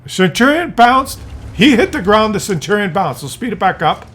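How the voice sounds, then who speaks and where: A man's voice: sits high, big pitch swings, moderate pace, a bit bright, slight background noise. A man giving exasperated, incredulous commentary over a game replay. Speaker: gameplay commentator.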